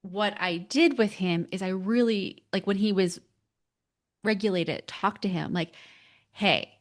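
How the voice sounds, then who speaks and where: A middle-aged woman, a parent coach, telling stories on a podcast, lively, filler-heavy and laughing often. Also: mid-range voice, measured pace. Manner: animated storytelling, laughs often, many fillers. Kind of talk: casual podcast conversation.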